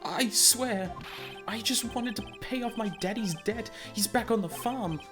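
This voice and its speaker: A man doing a stammering country bumpkin, pitched high. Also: measured pace, music in the background. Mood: pleading. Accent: put-on rural Southern US drawl. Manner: stammering, pleading. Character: frightened young male country bumpkin, pleading.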